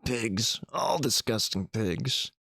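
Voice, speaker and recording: A man voicing a drunk, hostile man in his sixties who talks slowly and bitterly. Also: on the low side, expressive, gravelly, pushed and bright, no room sound, studio quality, heavily acted. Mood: furious.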